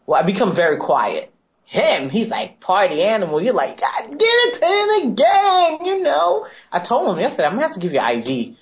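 A young woman co-hosting a casual chat show, telling stories with lots of laughter and quoted voices. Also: deep voice. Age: 20s. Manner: chatty storyteller, laughs often, animated quoting. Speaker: co-host. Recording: dull lo-fi sound.

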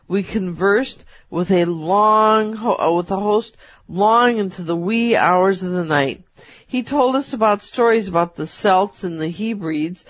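A woman co-hosting a talk show, reading a personal story aloud in a measured storytelling manner. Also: fairly low pitch, no room sound. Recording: dull, dry.

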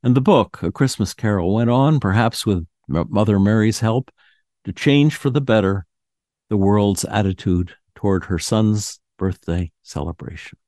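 A man hosting a radio show, reading a classic ghost story aloud in a measured, solemn narration. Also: fairly low pitch, expressive, a little mellow, no room sound, clean studio sound.

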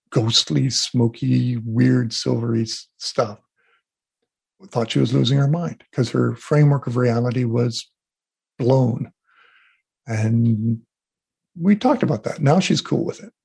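A man being interviewed as an energy healer, telling animated stories and acting out what people said. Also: medium pitch, gravelly, slightly rough. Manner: animated storyteller, acts out quotes. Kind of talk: casual interview talk.

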